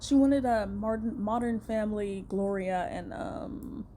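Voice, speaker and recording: A woman's voice: medium pitch, unhurried, mellow, slight background noise. A young woman telling a personal story in a casual rant, blunt and heated, swearing a lot. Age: young adult.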